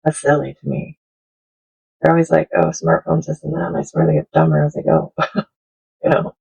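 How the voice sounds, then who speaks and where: A middle-aged woman chatting casually and rambling while she crafts at home, with soft laughs. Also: low voice, little pitch movement, a little fast, vocal fry, slightly rough, lo-fi sound. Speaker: craft video host. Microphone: smartphone.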